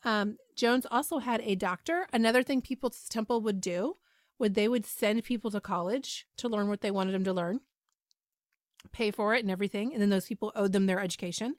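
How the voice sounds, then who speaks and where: A woman's voice: mid-range voice, fairly quick, no room sound. Woman, podcast host, casual storytelling, chatty asides, dry close recording. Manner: chatty, animated retelling with asides and filler ums.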